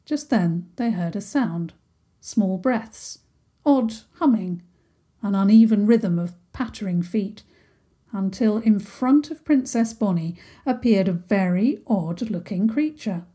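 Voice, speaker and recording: A woman narrating a children's story in a gentle, unhurried way. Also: mid-range voice, animated, breathy edge.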